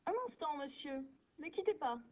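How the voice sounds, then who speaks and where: A woman playing a polite phone answerer, high and tinny. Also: animated. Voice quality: runs words together quickly. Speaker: narrator and phone answerer in a textbook video. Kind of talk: scripted educational French dialogue.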